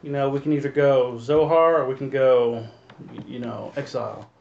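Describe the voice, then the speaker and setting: A man's voice: mid-range voice, steady tone, moderate pace, gravelly, a little mellow, roomy sound, highs cut off. A man thinking aloud in a casual faith discussion, hesitant and thoughtful.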